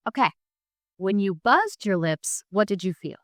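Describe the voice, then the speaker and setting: A middle-aged woman, a music therapy professor, giving an online lecture with vocal exercises in a clear, patient way, often checking in with "right?" and "okay?". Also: mid-range voice, big pitch swings, unhurried, no room sound, clean studio sound. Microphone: computer mic on a video call.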